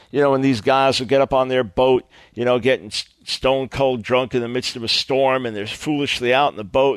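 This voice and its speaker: A man's voice: medium pitch, steady tone, brisk, hardly any pauses, no echo. A middle-aged man preaching earnestly, stressing points with repeated emphatic phrases. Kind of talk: sermon-style radio teaching.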